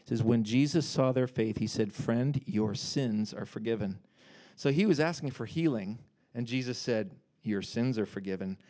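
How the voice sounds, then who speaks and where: Casual, animated male preacher. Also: mid-range voice, normal speed. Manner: animated, conversational, breaks off to joke and paraphrase. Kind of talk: casual sermon with scripture reading.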